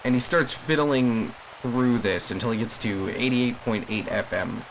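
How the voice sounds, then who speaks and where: Man acting as an agitated radio caller, audio drama monologue, rambling, emphatic, mid-pitched voice. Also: a little slow, a little hiss or hum, close to an everyday voice, low-quality recording. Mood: indignant. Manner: rambling, emphatic, with frequent restarts. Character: agitated male radio caller defending a cursed family.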